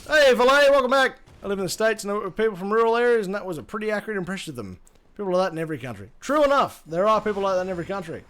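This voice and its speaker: An Australian streamer rambles through casual chat, swearing freely as he reacts to his viewers. His voice sits high for a man. It rises and falls a lot, lively and expressive. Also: rapid-fire. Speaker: live streamer.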